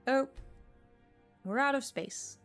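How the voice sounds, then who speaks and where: A woman streamer with a high-pitched voice chats slowly through casual gameplay commentary, thinking aloud to herself and laughing easily, with faint music in the background.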